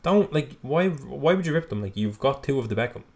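A man co-hosting a podcast in casual chat, animated and emphatic, often cutting in. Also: medium pitch. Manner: animated, emphatic, quick to jump in. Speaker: podcast co-host.

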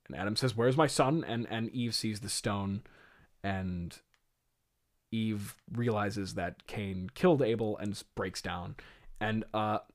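Rambling, laughing man. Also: mid-range voice. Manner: rambling, laughing, full of fillers. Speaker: podcast host. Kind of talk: casual comedic commentary.

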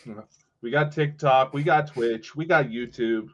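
A man's voice: medium pitch, measured pace, muffled recording. A man co-hosting a podcast, chatting in a laid-back, teasing way with some swearing. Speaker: podcast co-host. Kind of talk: casual chat.

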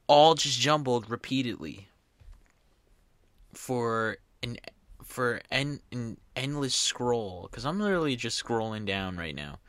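A young man with a bright, forceful, slightly low voice chats casually on his podcast. He reads strange sentences aloud, laughing in disbelief and tripping over words. The sound is dry and close to the mic. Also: expressive, measured pace, no room sound. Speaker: podcast host. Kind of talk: casual solo podcast chat reading aloud.

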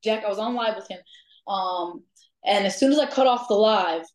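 A woman guest telling ghost-hunting stories in casual chat, lively, laughing often and filling pauses with "um". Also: mid-range voice. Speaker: guest, amateur ghost hunter. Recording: echoey room.

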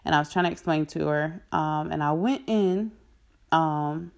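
Low-voiced woman telling her story. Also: a little slow, vocal fry. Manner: earnest and animated, with frequent "um" and "like" and laughs mid-sentence. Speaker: vlogger sharing a personal faith testimony. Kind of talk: casual spoken testimony to viewers.

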